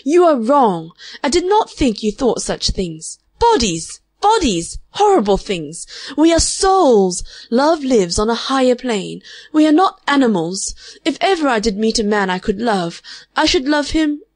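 A woman reading an audiobook, voicing a fervent, prim spinster who preaches against men in a high-strung, vehement way. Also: animated, moderate pace, dry recording. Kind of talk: audiobook character voice.

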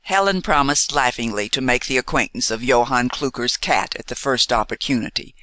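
An audiobook narrator reading a novel in an expressive, measured storytelling manner on a close mic. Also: medium pitch, no echo.

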